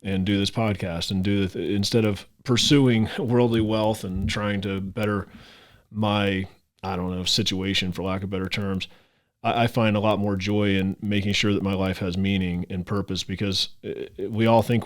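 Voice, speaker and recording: A male podcast host speaks in a heartfelt, grateful way, stumbling over repeated words as he goes. His voice sits a little low for a man. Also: fairly even intonation, normal speed. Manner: heartfelt, grateful, emotional, with stammered restarts. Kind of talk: casual interview chat.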